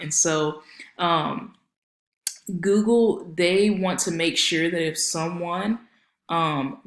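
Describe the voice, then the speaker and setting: A woman's voice: low-pitched, roomy sound. A woman consultant giving a casual screen-share walkthrough of a website, chatty and friendly with lots of filler ums. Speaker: marketing consultant.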